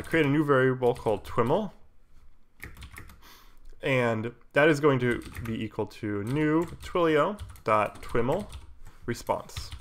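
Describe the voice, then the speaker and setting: A man with a cold, casually walking viewers through code on a live stream, relaxed and full of fillers, with keyboard typing behind him. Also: mid-range voice. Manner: relaxed, explains while typing, many fillers. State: has a cold, coughing. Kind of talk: casual live coding tutorial.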